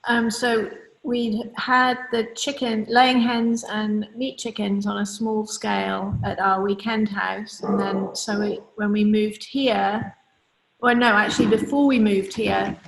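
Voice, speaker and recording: A middle-aged woman from England, giving an interview in an unhurried way, pausing with fillers. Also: medium pitch, little pitch movement, gravelly, a little hiss or hum. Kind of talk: casual interview. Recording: roomy echo.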